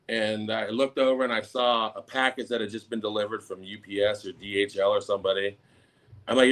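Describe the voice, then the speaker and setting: A middle-aged man telling a story in a casual talk. He acts out the quotes in a raised, sometimes shouting voice. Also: on the low side, steady tone, brisk. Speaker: podcast co-host.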